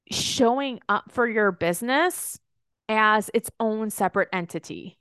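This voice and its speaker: Chatty, smooth-voiced woman podcaster. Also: medium pitch, no room sound, studio quality. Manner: chatty and rambling, many "like"s and asides. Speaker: podcast host and business coach. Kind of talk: solo podcast talk.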